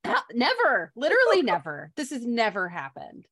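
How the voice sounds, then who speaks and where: A woman playing a tabletop game, describing her character with chatty, halting speech. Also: fairly high pitch, huge pitch swings, a bit bright, dry recording, clean studio sound. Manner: chatty, hesitant, many restarts. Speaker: player.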